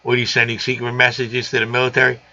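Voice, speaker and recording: Brief: rambling, jokey male livestream host, bright and fairly high, dull lo-fi sound. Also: monotone, fast. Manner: rambling, jokey riffs on old movies. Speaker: host of a live aquarium show. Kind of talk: casual chat.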